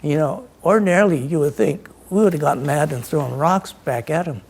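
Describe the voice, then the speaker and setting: A man in his eighties recounting childhood memories in an interview, halting and full of fillers. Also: a little high, gravelly, slightly rough.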